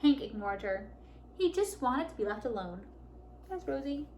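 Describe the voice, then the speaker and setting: A woman reading a picture book aloud to children at a library storytime, warm and animated. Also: fairly high pitch, moderate pace, slight background noise. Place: public library.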